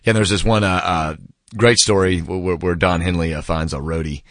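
A man's voice: deep voice, fairly even intonation, brisk, a bit bright, dry recording, clean studio sound. A man in his forties casually reviewing a book, telling stories with enthusiasm, acting out quotes and saying "man" a lot.

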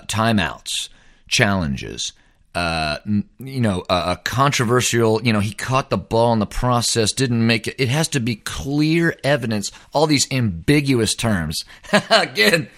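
A middle-aged host delivers a sports opinion monologue, ranting slowly in a fairly bright voice with lively intonation and wide pitch swings. He sounds exasperated and emphatic, staying blunt and heated throughout.

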